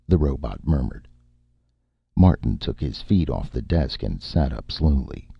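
Very deep gravelly male narrator. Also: very animated, a little slow, dry recording. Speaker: audiobook reader. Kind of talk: scripted narration. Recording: muffled lo-fi recording.

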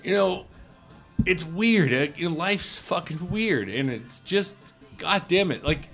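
A man's voice: high-pitched, expressive, slow pace, vocal fry, a bit bright, soft background music. A man who works as a film critic, talking casually and getting emotional, stammering and swearing a lot as he tells his story. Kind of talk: casual podcast chat.

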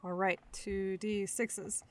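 A woman's voice: medium pitch, level tone, slow. A woman playing a tabletop game, cheerful and chatty. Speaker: player. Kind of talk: casual tabletop role-play.

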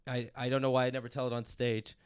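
A man in his thirties from Los Angeles, a comedian hosting a podcast, telling a rambling story with animated energy and laughing as he goes. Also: medium pitch, fast talker, smooth. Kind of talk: casual storytelling chat.

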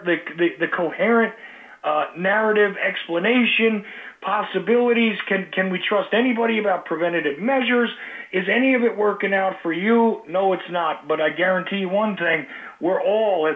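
A man hosting a talk show, speaking casually with many fillers and restarts. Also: high-pitched. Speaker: radio talk show host. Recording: tinny phone-line audio.

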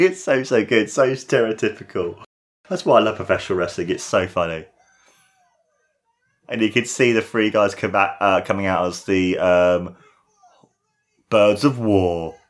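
A young man with a somewhat low voice talks through a show he loves in casual reaction commentary. He gushes and breaks into laughter often as he talks. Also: unhurried, long pauses. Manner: gushing, laughs often while talking. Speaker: reaction video host.

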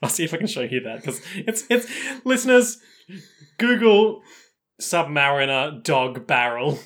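A man's voice: on the high side, expressive, measured pace, fairly bright tone. A man hosting a casual podcast, recapping an anime in a rambling way, with a scratchy throat today. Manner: rambling recap, acts out characters' lines. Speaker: podcast host.

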